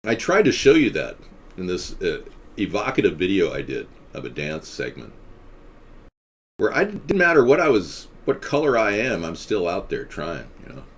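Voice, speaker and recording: A man's voice: deep voice, wildly swooping pitch, normal speed, fairly bright tone, husky. A man hosting a live stream, talking in a rambling, conspiratorial and jokey way. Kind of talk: casual live stream monologue.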